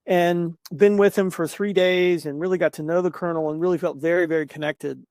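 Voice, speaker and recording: A man's voice: high voice, fairly even intonation, fairly quick, darkish tone, dry recording, clean studio sound. A man as a podcast guest on a video call, telling a personal story in an earnest, emotional way, often repeating words as he builds up.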